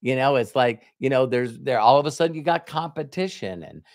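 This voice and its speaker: A man's voice: mid-range voice, animated, fairly quick, dry recording, clean studio sound. A middle-aged man giving a motivational business talk, telling a story and acting out both sides of a conversation. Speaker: network marketing trainer. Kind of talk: motivational talk with retold dialogue.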